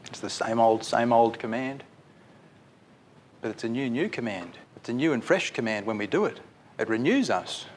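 A man's voice: mid-range voice, animated, normal speed, slight background noise. A man preaching a sermon in an earnest, repetitive way, putting direct questions to his listeners.

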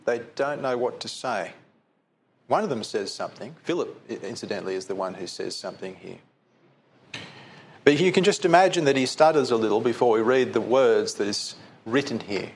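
A man's voice: medium pitch, animated, normal speed, a little hiss or hum. A man preaching a conversational sermon that keeps putting questions to his listeners.

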